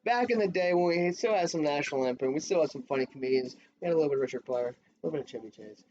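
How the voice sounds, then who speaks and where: Young male co-host, rambling crude banter, slightly high voice, dull lo-fi mic. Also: lively intonation, very fast, background noise. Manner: rambling, profane, jumps to high-pitched bursts. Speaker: podcast co-host. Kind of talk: casual crude podcast banter. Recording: dull lo-fi home podcast mic.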